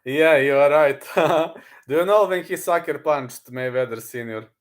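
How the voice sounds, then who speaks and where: A man's voice: a little high, a little slow. A man streaming live, chatting casually with viewers and repeating blunt fight advice. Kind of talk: casual livestream chat.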